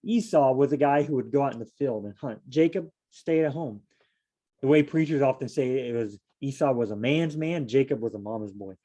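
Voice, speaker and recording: A man talks his way through a Bible passage in a relaxed, conversational tone. His voice is mellow and dark. He reads a verse aloud, then unpacks it with asides and playful quotes. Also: mid-range voice, brisk, highs cut off. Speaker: Bible study teacher. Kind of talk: casual Bible study talk.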